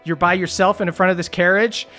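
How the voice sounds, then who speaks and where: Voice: mid-range voice, steady tone, fast, a bit bright, faint music behind. A game master narrating a tabletop game casually, with fillers and the odd swear.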